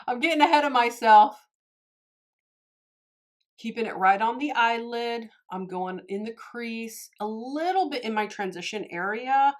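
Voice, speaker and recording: A woman's voice: fairly high pitch, expressive, unhurried, long pauses. A woman chatting her way through a makeup tutorial, gushing and talking straight to her viewers. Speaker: beauty vlogger. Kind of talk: casual makeup tutorial chat.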